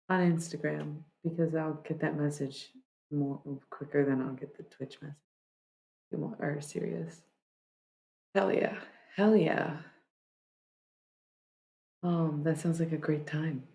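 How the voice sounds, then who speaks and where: A woman streamer chats easily with her viewers in a low, gravelly voice. She takes her time, drifting between thoughts with plenty of fillers and restarts. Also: a little mellow, lo-fi sound. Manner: rambling and laid-back, many fillers and restarts. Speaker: livestreamer. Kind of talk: casual chat with viewers.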